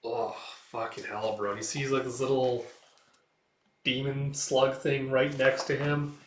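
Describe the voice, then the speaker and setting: A man's voice: medium pitch, little pitch movement, unhurried, slight background noise. Casual rambling male reader, swears often; roomy distant mic. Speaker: host reading a manga aloud. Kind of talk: casual reaction commentary.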